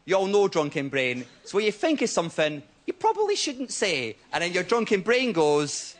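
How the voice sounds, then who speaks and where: A young man doing stand-up comedy on a TV studio stage, telling stories with a lively, checking-in "right?" delivery. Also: high voice, moderate pace. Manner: animated storytelling, keeps asking "right?". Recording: loud audience laughter and noise.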